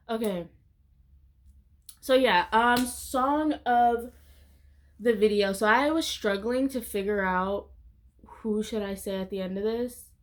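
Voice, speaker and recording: A woman YouTuber chatting casually to camera in a vlog, rambling from thought to thought with a steady stream of "like" fillers. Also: fairly high pitch, takes it slowly, long pauses. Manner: rambling, heavy use of "like" fillers.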